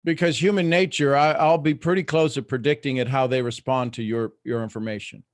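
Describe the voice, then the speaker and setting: A man's voice: medium pitch, steady tone, a little fast, dry recording, studio quality. A middle-aged man hosting a live online coaching talk, speaking earnestly with many restarts as he explains his points. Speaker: host.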